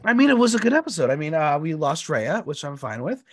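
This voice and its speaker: A man hosting a podcast, hoarse from allergies, chatting in a casual and animated way. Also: a little high, quick pace, a loud crowd. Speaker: podcast host.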